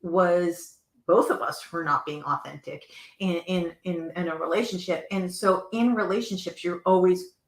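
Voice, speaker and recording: A woman's voice: fairly low pitch, normal speed, roomy sound. A woman hosting a motivational talk, speaking earnestly and firing off rhetorical questions, often repeating words as she goes. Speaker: host.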